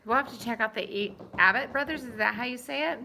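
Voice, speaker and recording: A woman's voice: on the high side, quick pace, gravelly, sharp tone, slight background noise. A young woman co-hosting a casual livestream, asking playful questions and joking along. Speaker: co-host of a family livestream. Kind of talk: casual live-stream chat.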